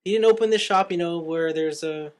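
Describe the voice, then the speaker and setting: On a podcast, a young male co-host talks a little fast in a slightly high voice while loosely summarizing a movie. He animates the retelling by playing out the characters' lines.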